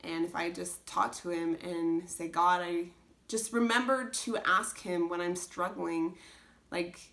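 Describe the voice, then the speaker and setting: A young mother chats to the camera about homeschooling in an earnest, rambling way, looping back with restarts and filler words. Her voice sits a little low for a woman. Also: steady tone, unhurried, creaky, fairly bright tone. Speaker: homeschooling mom vlogger. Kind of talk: casual chat.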